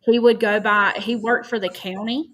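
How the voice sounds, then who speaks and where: A woman's voice: a little high, fairly even intonation, moderate pace, a bit bright, rough recording. A woman, a podcast guest earnestly recounting a personal story and quoting others at length. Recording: faint background noise.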